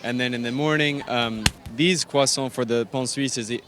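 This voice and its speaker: With a medium pitch, steady tone, and normal speed, a man from Arizona—a pastry chef who owns a bakery—gives a detailed, filler-laden explanation of his pastries in an on-location interview; faint traffic noise drifts in from outside.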